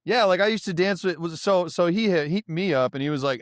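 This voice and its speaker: A man in his thirties, a podcast guest, telling lively stories in casual chat and mimicking his friends' voices. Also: high-pitched, a little fast, dry recording, studio quality. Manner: animated, mimics voices when quoting friends. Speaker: guest, content creator. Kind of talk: casual storytelling.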